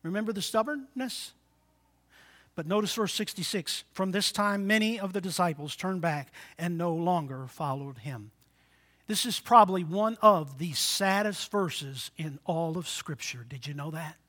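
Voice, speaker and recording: A man in his sixties preaching a sermon, swinging between loud exhortation and quiet, low asides, and calling for amens from the congregation. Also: normal speed. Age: 60s. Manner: call-and-response with the congregation. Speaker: pastor.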